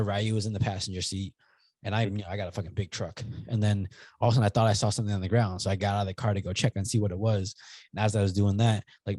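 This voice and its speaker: Casual, low-voiced man telling stories. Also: no room sound. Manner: rambling, animated storytelling with frequent swearing. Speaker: podcast co-host. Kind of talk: casual chat.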